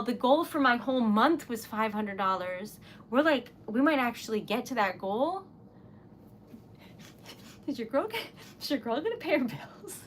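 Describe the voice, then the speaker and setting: A woman's voice: fairly high pitch, a little hiss or hum. A woman livestreaming who is tearful and giggly, flustered and stammering, laughing through tears as she gushes her thanks. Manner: breathless gushing thanks. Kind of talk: casual livestream chat.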